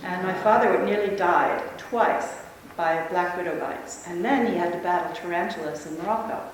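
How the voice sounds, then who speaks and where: A woman speaker tells a lively, laughing story to a conference audience. Her voice rings through a big echoey hall, picked up from a distance. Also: lowish voice, normal speed, slight background noise. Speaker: convention speaker. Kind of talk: talk to a live audience.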